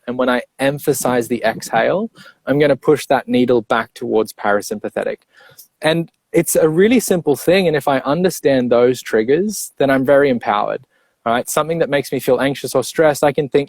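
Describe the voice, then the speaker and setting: A man in the role of a breathwork coach, explaining calmly and clearly. He walks through points one by one, often checking in with a quick "right?". His voice sits at a middle pitch and the recording is dry and close. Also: dry recording. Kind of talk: explanatory interview talk.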